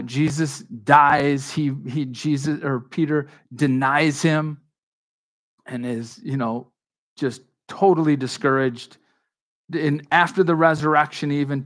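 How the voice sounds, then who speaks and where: A man preaching a sermon in a conversational, animated way, acting out the dialogue of Bible figures. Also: medium pitch. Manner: conversational with frequent restarts and asides. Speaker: pastor.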